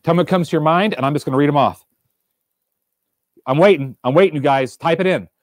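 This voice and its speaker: Earnest man giving an animated devotional talk. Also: a little high, quick pace, dry recording, studio quality. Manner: earnest, animated, repeats questions and stumbles; reads viewer answers aloud from a live chat. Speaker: fireside speaker. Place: indoors room, alone.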